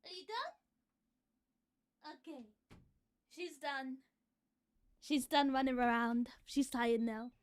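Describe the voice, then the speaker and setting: A woman's voice: sits high, slow, long pauses, no echo. A young adult woman streamer chatting casually to her viewers, swearing freely. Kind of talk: casual live-stream chat.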